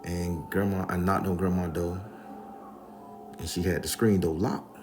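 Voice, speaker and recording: A man's voice: low voice, little pitch movement, a little slow, pauses often, music in the background. A man telling a spooky story casually and profanely, addressing the listeners directly. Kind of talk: comedic spoken storytelling.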